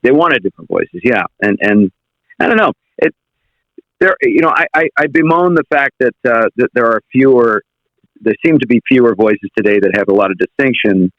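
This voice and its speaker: A man's voice: medium pitch, lively intonation, moderate pace, no room sound. This is a man from the United States giving a casual interview, thinking aloud and circling back to sharpen his points. His voice sits in an ordinary middle range. The recording is dry and slightly dull, a bit lo-fi. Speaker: guest impressionist.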